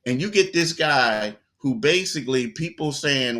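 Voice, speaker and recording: A man talks through a basketball game in a loose, conversational way. His voice is bright and forward, with repeated words and acted-out quotes as he tells the story. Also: mid-range voice, animated, a little slow. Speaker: sports reporter guest. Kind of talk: casual sports talk.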